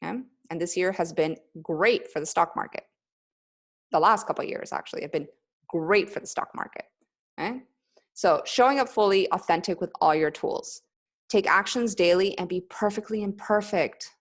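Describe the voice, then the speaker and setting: A middle-aged business coach for yoga teachers runs a webinar over a video call, upbeat and giving pep talks. Her voice is fairly low and moderately paced, and she frequently breaks into laughter.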